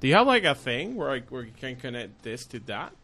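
A man's voice: medium pitch, sing-song, fairly quick, sharp tone. A man hosting a casual vlog, joking and goading his guests. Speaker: vlog host. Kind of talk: casual chat.

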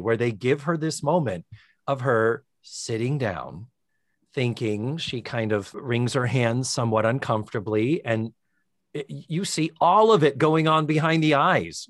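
Dude recapping a tv episode on a podcast, sarcastic, animated, dry close mic. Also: male voice, mid-range voice, no room sound. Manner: wry, sarcastic, animated storyteller. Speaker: podcast co-host. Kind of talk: casual chat recapping a TV episode.

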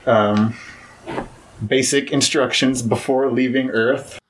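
A man's voice: mid-range voice, steady tone, slow, slight background noise, rough recording. A young man as a podcast guest, talking casually with many fillers and restarts.

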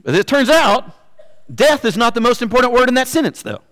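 A man with a high, light voice preaches a sermon in a church, talking in an easy, conversational way. He drops in fillers and drags out the words he wants to land. The sound rings with a long reverb from the big room. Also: big pitch swings, a bit bright. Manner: conversational, with fillers and slowed emphasis on key words. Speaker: pastor.

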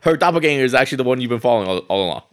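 A man's voice: mid-range voice, expressive, racing. A man who is the movie correspondent on a podcast, chatting in a rambling way and often tacking on "and stuff like that". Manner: rambling, full of restarts and fillers like "and stuff like that". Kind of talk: casual podcast chat.

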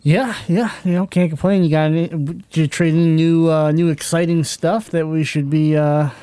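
A man with a somewhat high voice plays a tabletop game, breezy and joking in character. His voice sounds dry and close. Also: fairly even intonation, normal speed, dark tone, clean tone, no room sound. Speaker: player. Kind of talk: casual in-character play.

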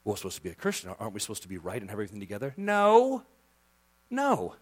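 A male pastor preaching a sermon with passion, dropping to a hush and then rising to loud emphasis. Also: on the low side, huge pitch swings, fast talker. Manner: impassioned, swings from hushed to loud emphasis.

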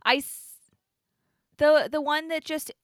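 A woman's voice: high-pitched, steady tone, takes it slowly, fairly bright tone, no room sound, studio quality. A woman from the Chicago suburbs, co-hosting a podcast and talking earnestly in a casual, filler-heavy way. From Chicago suburbs, USA. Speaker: podcast co-host. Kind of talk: casual chat.

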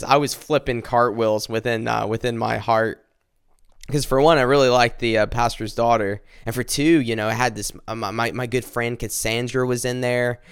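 A man earnestly telling a personal faith testimony, halting and restarting as he speaks directly to his listeners. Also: mid-range voice, a bit bright, smooth, no echo, clean studio sound.

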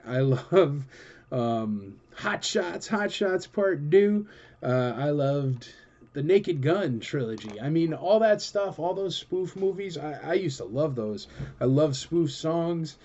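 A man hosts a collector show and answers viewer questions in a casual, chatty Q&A, rambling enthusiastically and using lots of fillers. His mid-range voice has a darkish tone, and the sound is lo-fi.

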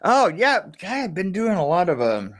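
A man's voice: high voice, sing-song, moderate pace. A middle-aged man telling a story as a podcast guest, rambling, stumbling over restarts and laughing at himself. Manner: rambling, stammering restarts, self-mocking laughter. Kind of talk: casual storytelling chat.

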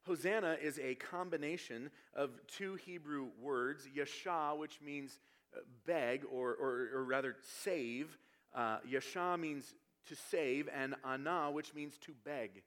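Higher-pitched man preaching a sermon. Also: takes it slowly, a bit bright. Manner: expository preaching with rising emphatic passages. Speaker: pastor.

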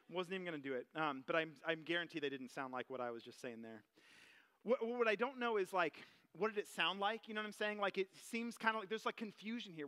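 A man's voice: high voice, pushed and bright. A man preaching a sermon in a loose, conversational way, with many fillers and asides. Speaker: pastor. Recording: long hall reverb.

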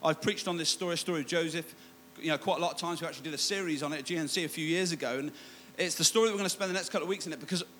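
A man's voice: a little high, very fast, fairly bright tone, a little hiss or hum. A man preaching a sermon, telling a self-mocking personal story with many restarts and asides. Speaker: pastor.

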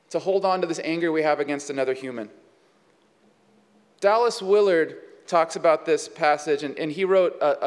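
A man's voice: on the high side, long reverb tail. A man preaching a sermon in a conversational way, with frequent fillers and rhetorical questions. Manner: conversational, with many fillers and asides. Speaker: pastor.

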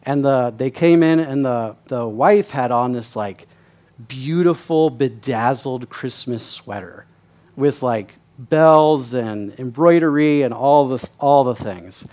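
A man preaching as a pastor, telling stories in a candid, self-deprecating, conversational way, often checking in with his listeners and getting louder and higher when excited. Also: slow pace. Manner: candid, self-deprecating, chatty with frequent "right?" asides; lively, rising in pitch and volume when excited. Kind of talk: conversational sermon storytelling.

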